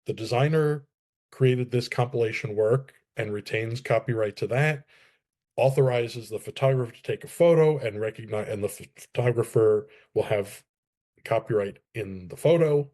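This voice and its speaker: A mid-pitched man explains legal points on a podcast. He builds each idea step by step, with small restarts, in a measured, steady way. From New Jersey, USA. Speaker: copyright expert guest.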